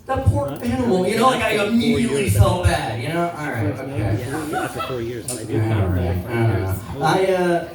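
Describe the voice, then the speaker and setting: A man's voice: high voice, lively intonation, moderate pace. A man doing a rambling, self-deprecating stand-up set full of swearing and crowd work. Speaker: stand-up comedian. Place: small comedy venue. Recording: echoey room from far off, crowd audible.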